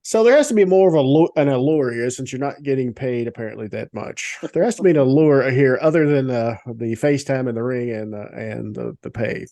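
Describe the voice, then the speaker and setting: A man's voice: mid-range voice, brisk, few pauses, warm tone, dry recording, studio quality. A man hosting a podcast, asking questions and joking with his guests. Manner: joking interviewer. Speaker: podcast host. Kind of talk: interview questions.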